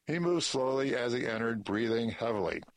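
A man reads news pieces and a short personal essay aloud at a steady, measured pace. His voice sits at an average pitch for a man. The sound is dry and close, with no room echo. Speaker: news article reader. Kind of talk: reading articles aloud.

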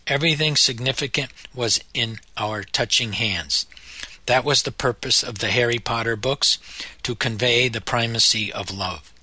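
Man reading his memoir audiobook, solemn and measured, super bright voice, dry close sound. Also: mid-range voice, dry recording. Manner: measured, solemn, deliberate phrasing. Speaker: audiobook narrator.

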